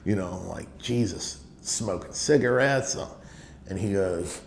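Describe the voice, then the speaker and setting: Middle-aged man, interview guest, low gravelly voice, emphatic storytelling, echoey room, faint background noise. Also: moderate pace, a little mellow. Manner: emphatic, heavy use of "you know" fillers. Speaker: business owner guest.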